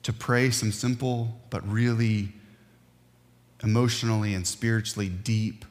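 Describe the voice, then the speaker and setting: A man preaching a sermon as a pastor, earnest and emphatic, with dramatic pauses. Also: on the low side, level tone, a little mellow. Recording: long hall reverb.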